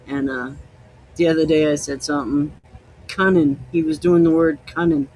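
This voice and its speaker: A man's voice: on the high side, big pitch swings, normal speed, gravelly, a little mellow, low-quality recording. A man hosting a podcast, chatting casually in a loose, rambling way while he tastes liquor. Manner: rambling, loose, easygoing storytelling. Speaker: podcast host.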